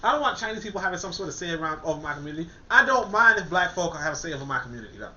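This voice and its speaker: Man, high voice, AAVE, rambling and stammering, muffled lo-fi audio. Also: very fast. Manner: animated, rambling, frequent stammered restarts. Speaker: commentator reviewing a document. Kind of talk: casual commentary with reading aloud.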